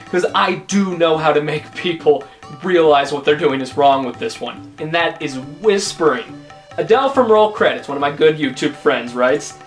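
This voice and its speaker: A young adult woman hosting a video, ranting in an exasperated, emphatic way and repeating her points. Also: on the low side. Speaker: YouTube host. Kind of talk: comedic vlog rant.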